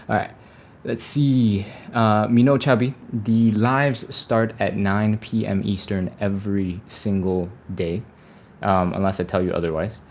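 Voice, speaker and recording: A man's voice: fairly low pitch, steady tone, slow, darkish tone, a little hiss or hum. A man leading a live stretching workout, chatty and upbeat, sighing and laughing between cues. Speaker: stretching coach.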